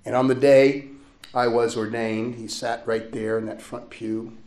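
A middle-aged man, a priest, preaching a sermon as he tells a personal story, gently and with frequent laughter. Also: mid-range voice, level tone, unhurried, reverberant. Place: church.

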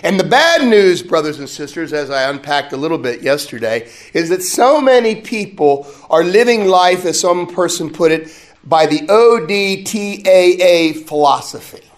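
A man, a friar, preaching a sermon to a religious conference in an animated, conversational way, with asides to his listeners. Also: on the high side, moderate pace. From United States.

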